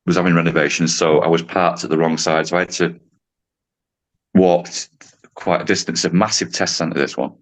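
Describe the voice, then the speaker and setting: A man in his late fifties tells a story on a podcast, his voice low and deep. He talks casually and acts out the voices of the people in his story, breaking into laughs now and then. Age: 50s. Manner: animated storyteller, acts out quotes, laughs often. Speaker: podcast guest, driving instructor.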